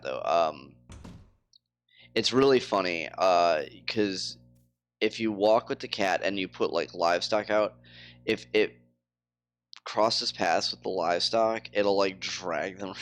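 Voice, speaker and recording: Low-voiced rambling male streamer. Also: measured pace, pauses often, a bit bright, faint music behind. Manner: rambling, filler-heavy. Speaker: game streamer. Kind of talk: casual live-stream chat.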